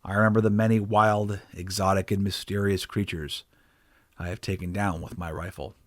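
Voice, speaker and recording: A man's voice: deep voice, flat delivery, moderate pace, no room sound, clean studio sound. A man reading his own fictional short story aloud in a wry, theatrical storytelling manner. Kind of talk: scripted narration of a short story.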